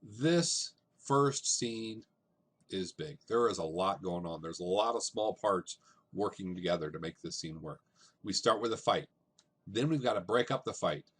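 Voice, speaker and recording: Husky-voiced man teaching a play. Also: deep voice, measured pace. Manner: conversational, lively, with "um" and "right?". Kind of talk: classroom lecture on a play.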